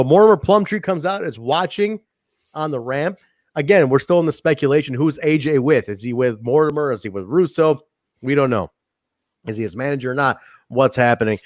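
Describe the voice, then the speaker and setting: A man co-hosting a casual wrestling review podcast, rambling and animated, swearing and laughing easily. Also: medium pitch, brisk, dry recording, clean studio sound. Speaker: podcast co-host.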